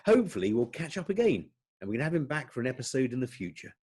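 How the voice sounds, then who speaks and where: Animated, husky man on a podcast. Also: mid-range voice, fast. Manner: rambling and animated, with restarts. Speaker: podcast co-host. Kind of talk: casual chat and joke telling.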